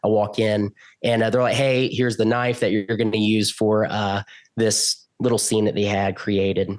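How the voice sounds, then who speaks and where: Animated storytelling man, podcast guest. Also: moderate pace. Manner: animated, acts out quotes with loud jumps in pitch. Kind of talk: casual storytelling.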